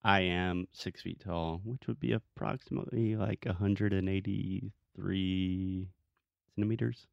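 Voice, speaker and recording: A man's voice: low-pitched, fairly even intonation, measured pace, gravelly, dry recording, dull audio. A young man teaching English in a casual chat, patiently correcting mistakes and explaining grammar rules. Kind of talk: casual podcast lesson.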